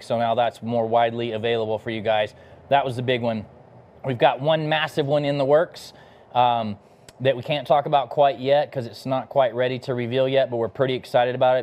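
A man's voice: medium pitch, a little mellow. A middle-aged man from Texas, a barbecue pitmaster chatting casually between bites while hosting a live cooking demo. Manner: laid-back and enthusiastic, talking between bites.

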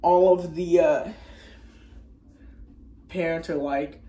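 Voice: medium pitch, unhurried, pauses often, a little mellow, reverberant. A vlogger giving a rambling, casual movie recap, often second-guessing the plot order and using slang. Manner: rambling, unsure of itself, slangy.

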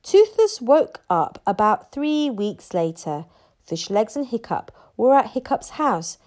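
Expressive woman reading a children's book. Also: fairly high pitch, slow pace. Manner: expressive storyteller. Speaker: narrator reading aloud. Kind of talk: children's read-aloud.

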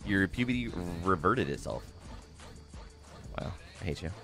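A man's voice: deep voice, expressive, a little slow, gravelly, bright, forceful tone, faint music behind. A man streaming a game live, swearing freely and greeting his chat by name.

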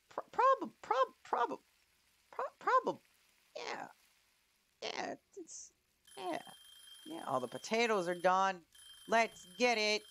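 A man's voice: sits high, gravelly, fairly bright tone. A young man giving casual let's-play commentary, chatty, swearing and talking to himself as he plays. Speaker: gaming commentator.

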